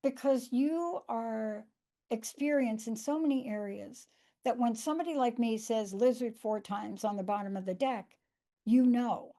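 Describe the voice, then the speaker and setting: A woman's voice: on the high side, measured pace, warm tone. A woman hosting a podcast, telling stories in a chatty, emphatic way and repeating words for stress. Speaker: podcast host. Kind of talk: casual podcast conversation.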